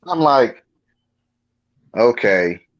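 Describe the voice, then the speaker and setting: A man recounts a personal encounter in loose, colloquial speech, stumbling over words and starting sentences again. His pitch sits in an ordinary middle range. The sound is dull and lo-fi, like a remote call. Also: sing-song, very slow. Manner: rambling, colloquial, restarts often. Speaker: guest telling his encounter. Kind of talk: casual storytelling.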